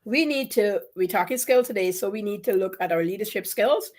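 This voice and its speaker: A woman business coach giving advice in an interview, animated and emphatic, repeating her points for stress. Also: mid-range voice, fairly quick.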